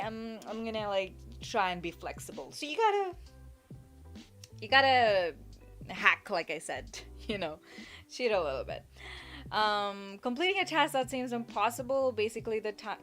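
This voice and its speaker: A woman's voice: mid-range voice, a bit bright. A woman live-streaming, giving advice in a chatty, rambling, self-mocking way and reading her chat aloud.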